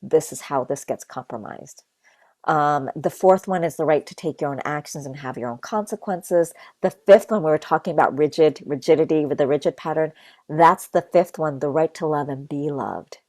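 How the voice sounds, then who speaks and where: A woman's voice: deep voice, normal speed, darkish tone, dry recording. A young adult woman teaching earnestly in a casual conversational way, repeating key phrases like a mantra and leading a short guided meditation. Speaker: guest spiritual teacher.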